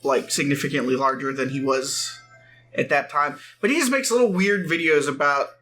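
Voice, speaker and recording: A man's voice: a little high, normal speed, sharp tone, faint music behind. A man chatting casually over a game, rambling a little and correcting himself, with dry jokes. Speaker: let's play co-host. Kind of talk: casual gameplay chat.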